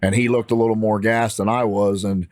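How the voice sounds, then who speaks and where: A man with a Midwestern American accent telling a story in a casual, animated, fired-up way. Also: lowish voice, fairly quick, no room sound, clean studio sound. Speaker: podcast guest.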